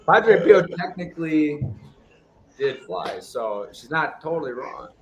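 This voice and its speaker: A man's voice: a little high, sing-song, slow, fairly bright tone. Guy on a trivia show, kinda hesitant, pokes fun at himself. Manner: self-deprecating, hesitant when unsure. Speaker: quiz contestant. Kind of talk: casual chat.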